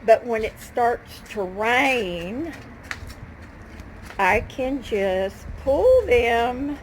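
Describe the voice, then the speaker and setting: A woman's voice: on the high side, expressive, drawn-out words, a little hiss or hum, poor audio. A woman chatting casually to her viewers outdoors in her backyard garden, fond of her plants. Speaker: gardening vlogger. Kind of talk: casual show-and-tell chat.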